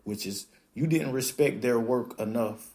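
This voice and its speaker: A man hosting a podcast, talking in a casual, animated monologue that acts out quoted voices and swears freely. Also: mid-range voice, unhurried, gravelly. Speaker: podcast host.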